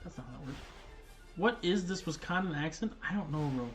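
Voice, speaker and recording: A man streaming a video game, thinking out loud and swearing casually as he plays. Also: a little high, lively intonation, fairly quick, faint music behind. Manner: casual, profane, thinks aloud. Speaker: gaming streamer. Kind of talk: casual livestream commentary.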